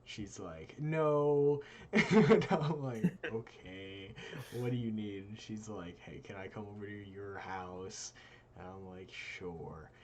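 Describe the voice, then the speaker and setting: A man's voice: takes it slowly, a crowd in the background. A young man, co-host of a live stream, casually telling a personal story and acting out his friends' lines. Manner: animated, voices quoted friends with big jumps in pitch.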